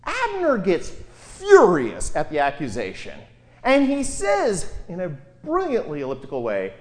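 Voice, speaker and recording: A man giving an informal, wry Bible lecture, telling the story in a lively way and quoting the characters. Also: high-pitched, measured pace.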